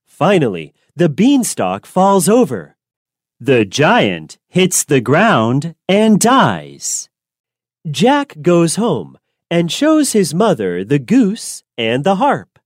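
A woman narrating a simple storybook in a clear, deliberate way for learners. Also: low voice, huge pitch swings, no echo, studio quality.

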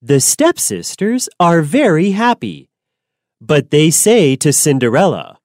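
A woman narrating a simple storybook in a clear, deliberate way. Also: deep voice, big pitch swings, a little mellow, no echo, clean studio sound. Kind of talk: slow storybook reading for learners.

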